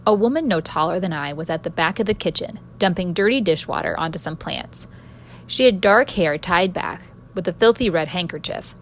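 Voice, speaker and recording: A woman author narrating her own story in first person, expressive and storytelling in tone. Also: lowish voice, moderate pace, slight background noise. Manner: expressive storyteller, voicing a cheeky street boy.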